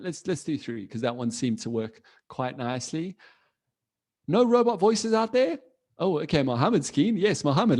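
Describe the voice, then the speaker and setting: A friendly man leads a live online lesson for children, heard over a video call mic. His voice sits at an ordinary middle pitch. He chats loosely with little restarts, encourages the kids and laughs easily. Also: a little mellow. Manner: casual, with fillers and restarts. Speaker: coding teacher for children.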